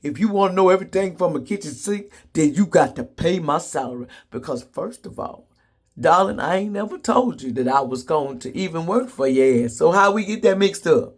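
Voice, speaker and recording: A man's voice: fairly high pitch, expressive, moderate pace. A man telling comedic stories to the camera in a sassy, blunt way, laughing often. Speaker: vlogger. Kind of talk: casual comedic storytelling.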